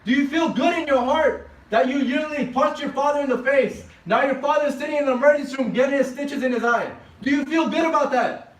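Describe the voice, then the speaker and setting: A man delivering a Friday sermon as preacher, pressing the congregation with rapid rhetorical questions. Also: very high voice. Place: mosque prayer hall. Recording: echoey hall, distant mic.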